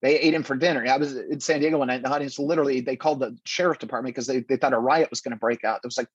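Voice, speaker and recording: Comic guest, male, husky and dry, animated storyteller who keeps restarting. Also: mid-range voice, very fast, no echo, muffled recording. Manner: animated, many restarts, acts out quotes. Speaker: stand-up comedian guest. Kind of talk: casual interview storytelling.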